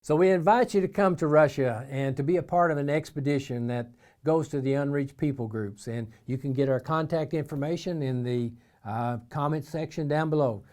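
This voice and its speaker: A man's voice: a little high, normal speed. Folksy Eastern Kentucky man preaching. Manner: folksy storytelling, acts out shouted voices in quotes. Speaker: missionary preacher. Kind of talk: informal devotional talk.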